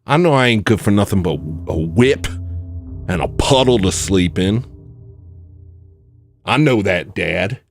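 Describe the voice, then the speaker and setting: A man ranting in a rambling, jokey monologue on a livestream, swinging from shouting to muttering. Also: lowish voice, expressive, measured pace, vocal fry, long pauses, faint music behind. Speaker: livestream host.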